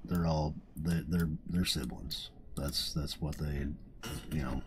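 Southern man for relaxed game commentary; folksy, self-amused, deep and mellow. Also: slow pace, slight background noise. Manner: chatty, folksy and self-amused, chuckling often. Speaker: let's play host. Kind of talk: casual gameplay commentary.

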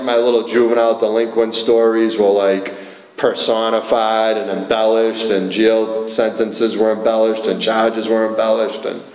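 A man's voice: medium pitch, darkish tone. A man from Massachusetts, telling his personal recovery story to a meeting, with lots of fillers and quoted dialogue. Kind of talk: personal recovery talk to an audience. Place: meeting hall. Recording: echoey room.

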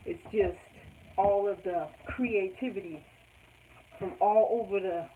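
On a relaxed quilting-channel live stream, the female host reads out viewer comments and laughs frequently. She speaks a little slowly in a medium-pitched voice, and the audio is tinny and phone-like with heavy background noise.

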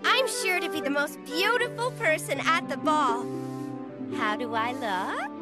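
A woman's voice: sits high, animated, a little slow. A woman voicing a perky, sing-song young girl character in a children's cartoon. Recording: music playing under voice.

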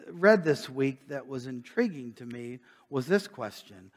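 A man's voice: mid-range voice, animated, takes it slowly. A man preaching a sermon as pastor, talking conversationally and asking his listeners rhetorical questions. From United States. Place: church sanctuary. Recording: long church reverb.

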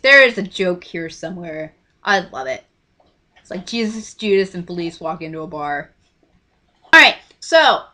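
A young woman from Texas telling an excited story to her camera, gushing and acting out everyone's lines. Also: mid-range voice. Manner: gushing, breathless, acts out quoted voices. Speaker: vlogger.

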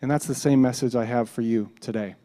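A man's voice: mid-range voice, steady tone, brisk, mellow. Earnest man speaking in a reverberant hall. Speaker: conference speaker. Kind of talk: closing a speech.

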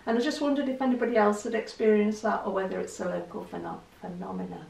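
A woman's voice: medium pitch, animated, quick pace, creaky, darkish tone, echoey room, recorded from a distance, a little hiss or hum, low-quality recording. A middle-aged woman vlogging in a candid, self-deprecating casual chat to the camera.

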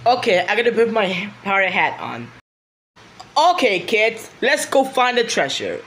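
A woman hosting a homemade kids' show, talking excitedly straight to the children watching. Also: mid-range voice, a little slow. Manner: excited, talks straight to the kids.

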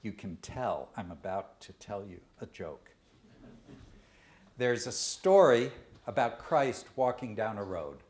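A man giving a lecture to students, telling stories and jokes at a deliberate pace. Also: lowish voice, lively intonation, darkish tone. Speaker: guest speaker. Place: lecture hall. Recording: echoey lecture room.

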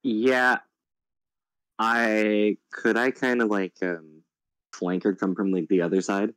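A man's voice: lowish voice, little pitch movement, slow pace, a bit bright, dry recording, rough recording. A man playing a tabletop game, jokey and playful, slipping into mock-formal phrasing. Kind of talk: casual play chat.

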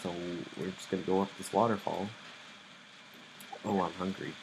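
A man's voice: low voice, steady tone, moderate pace, noisy background. A young man commentating his own live gameplay, easily startled and muttering nervously to himself. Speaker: gamer playing live.

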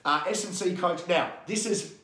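An Australian man rants hard and swears freely, blunt and fired up as he talks shop. His voice sits a little high. The room around him is echoey. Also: moderate pace, pushed and bright. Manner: fiery, blunt, heavy swearing, ranting. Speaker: guest coach. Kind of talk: casual podcast interview.

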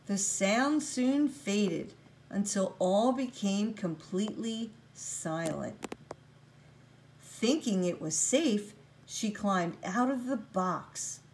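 Slow, gentle woman reading a storybook. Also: mid-range voice, animated, slight background noise. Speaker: storybook reader. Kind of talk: children's book read-aloud.

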